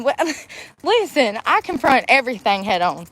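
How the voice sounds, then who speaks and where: A woman's voice: high-pitched, sing-song, normal speed, a bit bright. Blunt, ranting woman vlogger outdoors. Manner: blunt, ranting, laughs often. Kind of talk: casual vlog rant. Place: outdoors in the woods.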